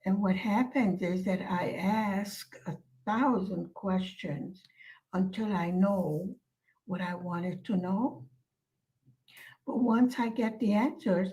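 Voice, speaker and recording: Woman vlogger, casual chat, slow and soft-spoken, mid-range pitch. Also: low-quality recording. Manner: soft-spoken and musing, with many pauses and fillers. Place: lives in Hungary.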